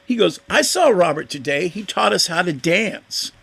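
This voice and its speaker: An older man with a gravelly, rough-edged voice that sits a little high for a man. He tells his story as a guest in a casual interview. He is animated and acts out the voices of the people he talks about. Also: moderate pace. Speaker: guest musician.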